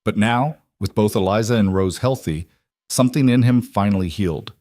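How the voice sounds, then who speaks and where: Sex: man. Role: narrator. Style: scripted storybook narration. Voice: low and somewhat deep, close and dry, with no room sound. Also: moderate pace, a little mellow, no echo.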